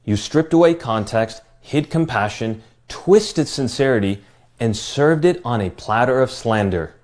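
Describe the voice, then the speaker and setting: Calm, measured man reading a rebuttal. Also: mid-range voice. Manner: calm, measured, well spoken. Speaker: video essayist. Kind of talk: scripted rebuttal speech.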